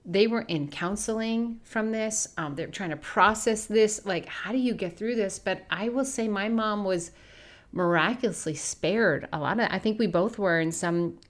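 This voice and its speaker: A woman's voice: medium pitch, moderate pace. A young adult woman co-hosting a faith podcast, telling a personal story in an earnest, reflective way. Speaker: podcast co-host.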